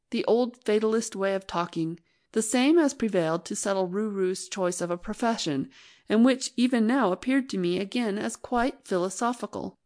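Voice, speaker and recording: A woman narrating a novel in a measured, earnest reading voice. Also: medium pitch, darkish tone. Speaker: audiobook narrator. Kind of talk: scripted narration.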